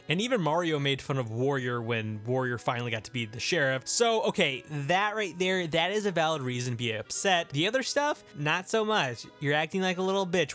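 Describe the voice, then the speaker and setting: A man's voice: fairly high pitch, a bit bright. A man hosting a comic book review video, talking in a sarcastic, blunt, profane way. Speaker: video host.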